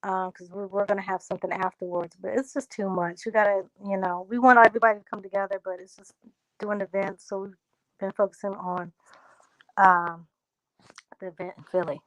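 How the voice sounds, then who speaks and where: Relaxed woman chatting with viewers. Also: mid-range voice, a little fast, no echo, rough recording. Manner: talks straight to viewers, reads out comments and answers them; drifts into a relaxed country drawl. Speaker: livestream host answering viewer comments. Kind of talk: casual livestream chat.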